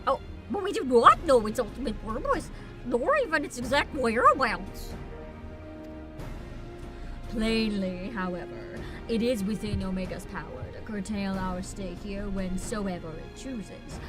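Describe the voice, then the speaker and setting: A woman reading out the lines of a formal, scholarly male game character in a measured way, close to her own voice. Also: mid-range voice, expressive, pitched below the performer's own voice, natural voice. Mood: earnest. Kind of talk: reading game dialogue aloud. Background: game music.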